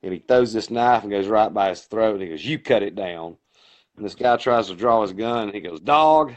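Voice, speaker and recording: A man with a Boston accent, co-hosting a podcast, telling movie scenes in a casual, animated way. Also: lowish voice, fast. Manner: animated storyteller acting out quotes. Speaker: podcast co-host. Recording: dull lo-fi sound.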